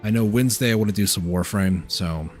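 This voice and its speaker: Soft music plays behind a man with a fairly low voice who talks fast while streaming a game. His commentary is casual and relaxed, mostly muttering to himself as he plays.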